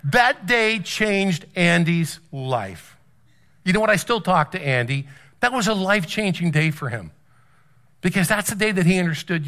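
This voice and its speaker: A male pastor preaches in a relaxed, conversational way, moving through a story with lots of energy. His voice sits fairly high and sounds bright. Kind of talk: storytelling sermon.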